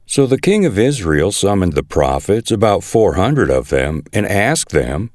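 A man reading scripture aloud in a measured, expressive way. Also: extremely low pitch, no echo, studio quality. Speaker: scripture reader.

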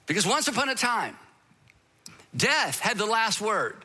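A man preaching a sermon, animated, acting out the voices of his listeners and of the apostle as he retells the text. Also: sits high, measured pace. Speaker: pastor.

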